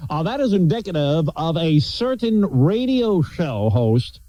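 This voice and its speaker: Mocking radio host guy, super lively, dark warm voice, bit muffled. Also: fairly high pitch, unhurried, dry recording. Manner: mocking, laughing, animated. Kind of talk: radio comedy banter.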